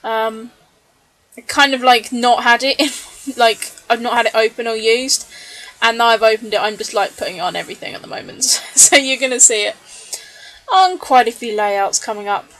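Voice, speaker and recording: Woman, slightly high voice, tired late-night voice-over narrating her own craft video, chatty with ums. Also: normal speed. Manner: chatty, relaxed, with many ums and little laughs. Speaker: scrapbooking vlogger. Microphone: voice-over recorded separately from the video.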